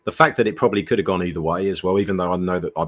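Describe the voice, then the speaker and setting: A man's voice: sits low, racing. A man co-hosting a casual football podcast, reflective and hesitant, often restarting his sentences. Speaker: podcast co-host. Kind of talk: casual chat.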